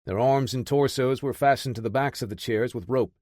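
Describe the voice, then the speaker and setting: A man narrating an action audiobook in a steady, measured voice. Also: medium pitch, no room sound, studio quality.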